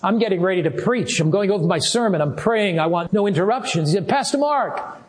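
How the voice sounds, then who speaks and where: Older male pastor preaching slowly. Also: high voice. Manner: earnest preaching with slow, drawn-out emphasis. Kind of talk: sermon.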